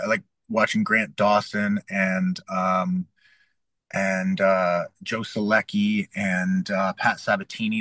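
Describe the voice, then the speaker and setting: Animated storytelling man, dry close sound. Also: on the low side, no echo, poor audio. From Canada. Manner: animated storyteller, acts out his own past lines. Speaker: UFC fighter and coach. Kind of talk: casual interview storytelling.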